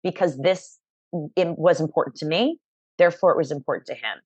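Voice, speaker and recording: A woman fitness instructor as an interview guest, talking in an energetic, emphatic, upbeat way over a remote call. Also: sits low, a little fast, husky, no echo. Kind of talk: conversational interview.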